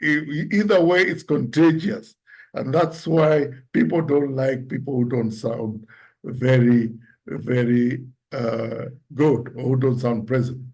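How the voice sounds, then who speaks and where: A man giving an instructive talk on public speaking, explaining points deliberately and acting out example lines to show tone. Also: fairly even intonation, darkish tone. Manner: deliberate, demonstrates pitch and tone examples aloud.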